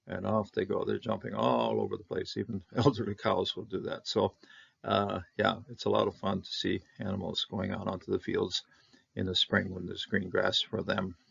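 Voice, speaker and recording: A man who grew up in Canada, teaching Hebrew Bible words in an informal lesson, halting with many fillers and sounding out the Hebrew slowly. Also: sits low, flat delivery, gravelly, fairly bright tone, slightly rough, dull audio.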